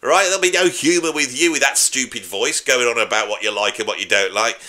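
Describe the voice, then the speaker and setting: Bright-voiced drummer chatting. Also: male voice, medium pitch, fairly quick. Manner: chatty, opinionated, jokey. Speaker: YouTube host and drummer. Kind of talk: casual talk to camera.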